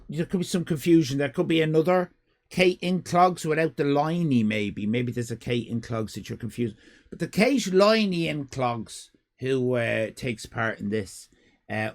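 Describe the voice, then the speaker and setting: Male streamer, gravelly, rambling and self-interrupting, mid pitch. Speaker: livestream host. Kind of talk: casual live-stream chat. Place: home room with cats.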